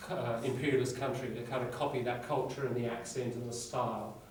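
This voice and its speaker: An English teacher with an Australian accent gives a classroom lecture in a mid-range, level voice at a fairly quick pace, chatty and prone to digressions as he explains through everyday examples. The far mic picks up an echoey classroom with slight background noise.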